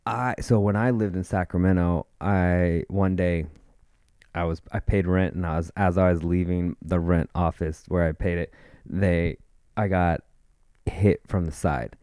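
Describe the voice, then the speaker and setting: A man's voice: sits low, fairly even intonation, measured pace, warm tone, clean tone, no echo, studio quality. A young man casually telling a rambling, profane story, full of fillers and restarts. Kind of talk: casual chat.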